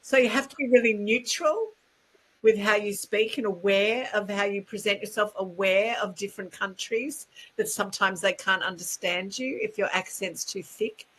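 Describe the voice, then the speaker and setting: A woman with an Australian accent, a speaking coach chatting as a guest, animated and talkative. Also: medium pitch, moderate pace, husky, poor audio. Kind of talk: casual interview chat.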